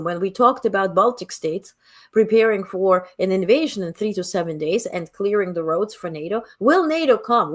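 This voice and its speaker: A woman with a non-native English accent hosting a live stream, talking bluntly and reading viewers' chat comments aloud. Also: mid-range voice. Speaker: livestream host.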